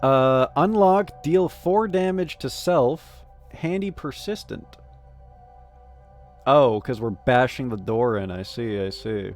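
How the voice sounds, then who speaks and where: A man's voice: mid-range voice, takes it slowly, a little mellow, soft background music. A man streaming live, chatting casually and joking as he reads game text and chat messages aloud.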